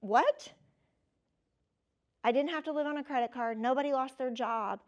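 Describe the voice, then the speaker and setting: A woman in her fifties giving a motivational keynote, telling personal stories in a lively, conversational way and talking straight to the audience. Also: high-pitched, fast talker, highs cut off. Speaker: keynote speaker.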